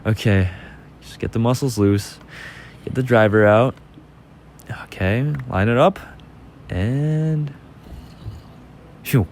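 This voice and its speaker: Rambling, excitable young man storyteller. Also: on the low side, slow, pauses often, a little hiss or hum. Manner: excitable, rambling, repeats phrases. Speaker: channel host. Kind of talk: casual storytelling over gameplay.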